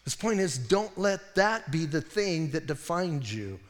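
A pastor delivering an expository sermon in a conversational way, breaking off into wry asides and correcting himself. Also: male voice, a little high, very animated, measured pace, in a large hall. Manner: conversational, self-interrupting preaching with wry asides.

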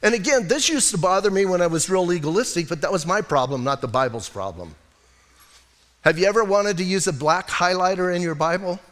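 A middle-aged male pastor preaching in a loose, joking way, his voice high and swinging widely in pitch. He admits his own faults freely. The sound has a long reverberant tail from a church hall. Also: expressive, fairly quick, fairly bright tone. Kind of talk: conversational sermon.

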